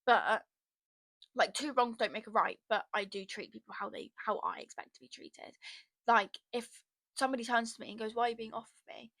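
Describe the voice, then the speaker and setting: A young woman with a fairly high voice rambles through a casual solo podcast, chatty and blunt, dropping swear words freely. She speaks close into a podcast microphone, and the sound is dry with no room echo. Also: fairly quick, fairly bright tone. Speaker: podcast host.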